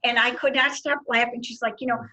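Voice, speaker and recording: A middle-aged woman hosting a casual chat, telling lively stories and laughing often. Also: fairly high pitch, fairly quick, low-quality recording. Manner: animated storyteller, laughs often. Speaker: host.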